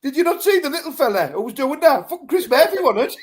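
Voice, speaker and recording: A man co-hosting a casual streamed chat, bantering, swearing and laughing often. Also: very high-pitched. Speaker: co-host.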